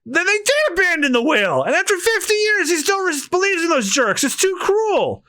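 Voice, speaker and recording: A man voicing a shocked, tender-hearted young pirate, reading a comic aloud in a high, pleading voice. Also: sing-song, moderate pace, sharp tone, heavily acted. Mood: outraged.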